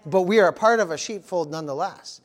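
A man pastor preaching a sermon, telling animated stories and calling out "amen" and "praise the Lord". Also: high-pitched, fast. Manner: animated storytelling with amens and praise interjections.

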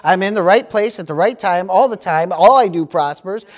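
Speaking at a normal speed in a high-pitched voice, this middle-aged man from the United States delivers a sermon as pastor, frequently dropping in "praise the Lord" and "amen."

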